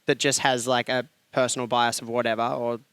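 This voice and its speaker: A man's voice: medium pitch, level tone, a little fast, fairly bright tone, clear, resonant tone, no echo. A man who is a fitness trainer and nutritionist, explaining things in a rambling, casual way on a podcast. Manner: rambling, explanatory, with many fillers.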